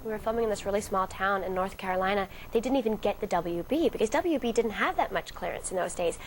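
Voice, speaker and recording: A woman recounting her own story in a relaxed interview. She moves along briskly and puts on the lines of the people in her story. A soft hum of ambience sits underneath. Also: medium pitch, poor audio. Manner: acts out quoted dialogue vividly. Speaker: actress interviewee.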